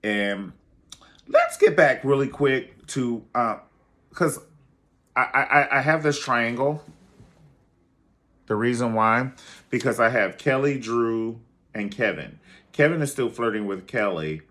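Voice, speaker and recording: A man's voice: medium pitch, expressive, slow, long pauses, fairly bright tone. A man giving casual, dramatic commentary on a reality show, sassy and calling the listener honey. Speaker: reality TV reviewer.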